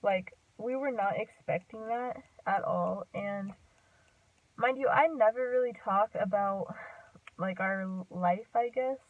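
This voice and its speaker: A woman's voice: mid-range voice, slow, no room sound. A woman of about twenty chats casually to camera, looping back to correct herself and packing every sentence with "like" and "um". Her voice comes through thin and phone-like. It sounds as though she sits a little way back from the microphone. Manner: rambling, full of "like" and "um", self-correcting. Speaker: vlogger. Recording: tinny, phone-like sound from a distance off the mic.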